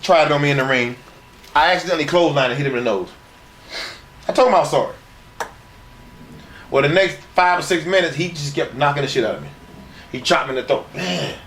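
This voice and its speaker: With a voice on the high side, a bit bright and fast yet broken by long pauses, a retired wrestler in middle age shares brash, foul-mouthed stories in a sit-down shoot interview, acting out others' words. A little hiss or hum is audible.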